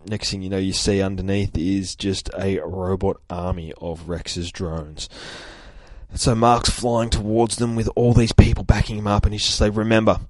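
Low-voiced man chatting through a comic. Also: darkish tone, no echo. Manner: casual, chatty, swears, many fillers; holds his voice down. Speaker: comic book reader. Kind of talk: casual comic read-through. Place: home with a child asleep nearby.

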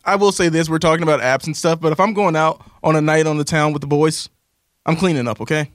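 Young man, laid-back and fairly high. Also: fast, dry recording, studio quality. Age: young adult. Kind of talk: casual radio banter.

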